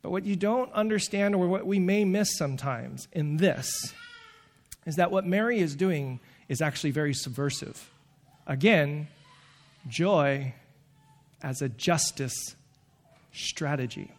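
A man delivers a sermon in a lively, animated way. His voice sits high for a man, and he slips into the voices of the people he quotes. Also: unhurried, long pauses. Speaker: preacher.

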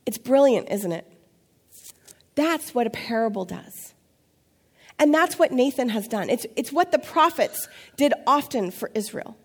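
A woman preaches a sermon. She tells the story in a lively way, dropping playful asides and acting out the voices of the people in it. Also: on the high side, measured pace, long pauses, slightly rough. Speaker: pastor.

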